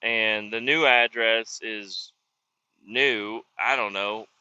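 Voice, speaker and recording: A man's voice: fairly low pitch, steady tone, slow pace, pushed and bright, clean tone, dull audio. A man telling a work story in a profane, rambling casual vlog, with frequent restarts. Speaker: roadside service worker vlogging.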